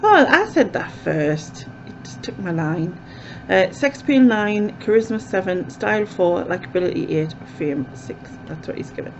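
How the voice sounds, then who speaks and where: A woman's voice: medium pitch, lively intonation, moderate pace, slight background noise. A woman chatting casually as a vlogger, rambling with lots of fillers, recorded with dull, lo-fi sound. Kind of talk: casual chat to camera.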